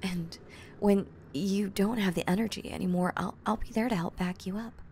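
A woman's voice: medium pitch, moderate pace, slight background noise, close to an everyday voice. A woman playing a giggly obsessive kidnapper. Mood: teasing. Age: young adult. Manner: giggly and teasing, slipping into soft whispers; breaks off to fix her own lines. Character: obsessive young woman who kidnapped her crush. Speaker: voice actress. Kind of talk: audio role-play.

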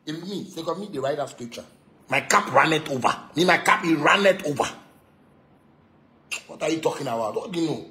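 A man's voice: a little high, animated, a little fast, long pauses, sharp tone. A man from Ghana with a Ghanaian Pidgin English accent, a musician ranting in a boastful, taunting, profane monologue that keeps repeating its points. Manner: repetitive, insistent.

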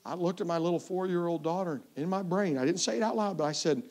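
A man's voice: high voice, quick pace. A middle-aged man preaching as an evangelist, telling a family story with acted-out voices. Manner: animated, acts out voices with crying and shouting. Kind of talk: storytelling sermon.

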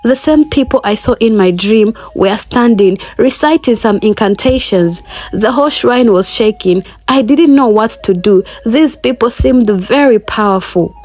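A woman's voice: a little high, measured pace, a little mellow. A woman narrating a first-person moral folktale, speaking in an earnest, moralizing way. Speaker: storyteller.

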